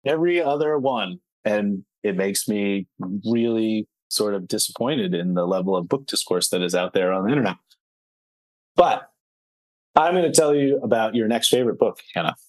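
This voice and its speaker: A man's voice: fairly low pitch, moderate pace, darkish tone, dry recording. A man co-hosting a book podcast, chatting casually in a rambling, wry way with lots of fillers. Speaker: podcast co-host.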